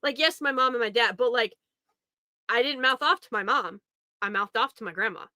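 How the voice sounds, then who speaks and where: Bright, chatty young woman reminiscing. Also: a little high, moderate pace, dry recording, studio quality. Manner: chatty and rambling, laughs often. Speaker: podcast host. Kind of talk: casual storytelling.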